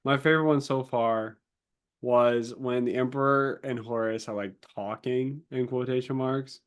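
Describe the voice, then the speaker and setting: A man co-hosting a podcast, talking casually about a book, retelling scenes with lively acted-out quotes and the odd swear word. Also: mid-range voice, unhurried, clear, resonant tone. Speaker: podcast co-host.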